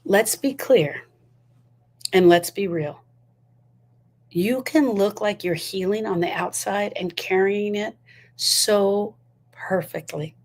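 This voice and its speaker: A woman's voice: medium pitch, takes it slowly, long pauses, a little mellow. A woman giving a motivational talk on grief, emphatic and full of repeated rhetorical questions. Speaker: grief educator.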